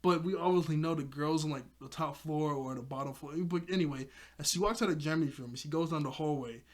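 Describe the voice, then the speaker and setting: A man casually recapping a cartoon episode for his review channel, chuckling often and getting excited as he retells it. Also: a little high, fast.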